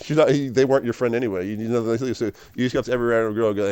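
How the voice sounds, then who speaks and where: A man's voice: mid-range voice, racing, a little mellow, clean tone, dry recording. A man rambling casually to camera as a vlogger, laughing often and calling the listener dude and man.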